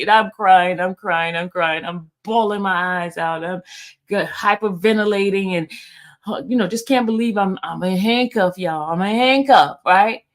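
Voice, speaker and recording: A woman in her fifties hosting a live stream, telling a story in a casual, animated way and talking straight to her viewers. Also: medium pitch, moderate pace. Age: 50s. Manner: animated, laughing, addresses viewers as y'all. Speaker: channel host.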